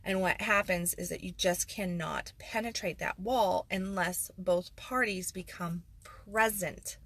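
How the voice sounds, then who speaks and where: A woman's voice: on the low side, measured pace, a bit bright, dry recording. A woman life coach talking frankly and emphatically in a casual video monologue, with sarcastic asides.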